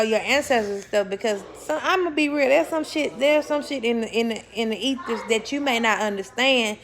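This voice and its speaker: A young woman with a slightly high voice speaks casually to her viewers about spiritual matters. She is blunt and swears freely. She often repeats words for emphasis, corrects herself mid-sentence and laughs as she talks. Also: a little hiss or hum. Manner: laughs while talking, self-correcting. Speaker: spiritual vlogger. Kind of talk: casual spiritual talk to camera.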